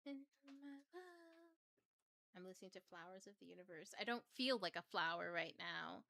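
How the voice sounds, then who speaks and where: A woman's voice: fairly low pitch, fast, creaky, pushed and bright, no echo. A woman hosting a casual livestream, flustered and chatty. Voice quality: craggly. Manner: flustered, chatty, swears, laughs often. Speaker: host.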